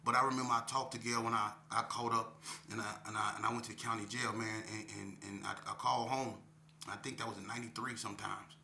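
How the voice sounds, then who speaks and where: A man in his fifties talking casually to the camera. He is reflective and unhurried, peppers his talk with "man," and speaks to viewers as y'all. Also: on the low side, little pitch movement, creaky, sharp tone, roomy sound, a little hiss or hum. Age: 50s. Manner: reflective, drawn-out, often ends phrases with "man" and addresses viewers as y'all. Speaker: vlogger.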